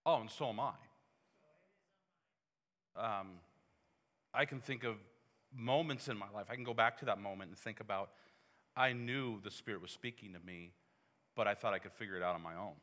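Bright-voiced man hosting, hall reverb. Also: lowish voice, moderate pace, pauses often. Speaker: host. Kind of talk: faith talk show hosting.

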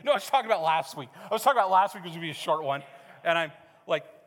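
A man's voice: a little high, lively intonation, rapid-fire, a bit bright. A middle-aged man preaching a sermon as pastor, conversational and joking with the congregation. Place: church hall. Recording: reverberant church hall.

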